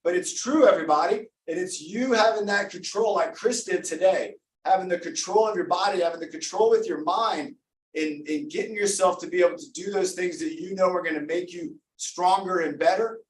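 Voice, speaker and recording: A man's voice: high-pitched, a little fast, roomy sound, far from the mic, slight background noise, low-quality recording. A man leading a live online workout class as coach, upbeat and encouraging, calling out names and counting down reps. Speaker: fitness coach.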